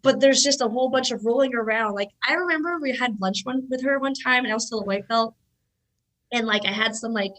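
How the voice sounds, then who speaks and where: A woman in her thirties, a guest telling stories in a chatty, animated way, full of "like" fillers. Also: fairly high pitch, fairly quick, poor audio. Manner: animated, lots of "like" fillers, acts out quotes. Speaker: guest, jiu-jitsu black belt. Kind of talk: casual storytelling interview.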